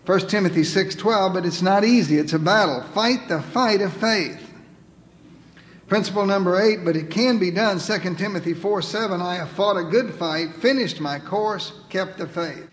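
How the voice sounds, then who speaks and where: Male pastor with a high voice, preaching emphatically in a reverberant church hall. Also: moderate pace, a little hiss or hum. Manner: emphatic preaching, quoting scripture, dropping to soft pleading. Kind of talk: sermon. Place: church sanctuary.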